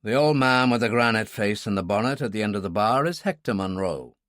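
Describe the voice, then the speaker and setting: A man's voice: fairly low pitch, lively intonation, a little fast, fairly bright tone, no room sound, studio quality. A man voicing a wry, mocking man, in an audiobook.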